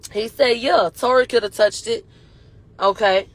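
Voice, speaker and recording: A woman's voice: fairly high pitch, a little slow, dry recording. A woman retelling courtroom testimony in casual, slangy storytelling, quoting back and forth in a he-said chain. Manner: animated, slangy, retells quotes in a running he-said chain. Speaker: commentator recapping a trial.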